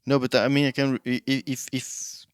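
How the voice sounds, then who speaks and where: A man's voice: medium pitch, level tone, a little fast, clean tone, dry recording. A man streaming a game, chatting casually with viewers and thinking aloud about his moves, often restarting his sentences. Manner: rambling, many restarts, chats with viewers while thinking aloud. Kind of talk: casual stream chat while playing.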